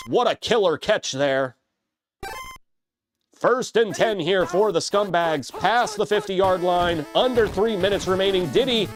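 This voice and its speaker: Calling a video game football match play by play, this male commentator has a high, highly energetic voice that leaps into shouting whenever a big play happens. He keeps things comedic and crude, firing off quick jokes. Background music plays clearly throughout.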